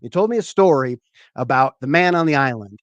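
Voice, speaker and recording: A man hosting a show, telling a rambling, animated personal story with swearing. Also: mid-range voice, brisk, no echo, muffled recording. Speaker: show host, former comedian. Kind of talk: casual storytelling.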